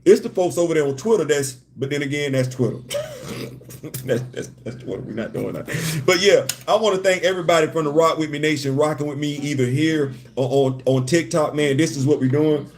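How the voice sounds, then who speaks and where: A man's voice: fairly high pitch, a little fast. A man hosting a casual livestream chat from a hotel room, joking and repeating his phrases. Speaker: host.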